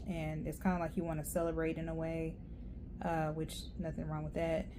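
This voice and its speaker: A woman giving a casual, rambling tarot reading, chatty and quick to laugh. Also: low voice, monotone, background noise. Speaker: tarot reader.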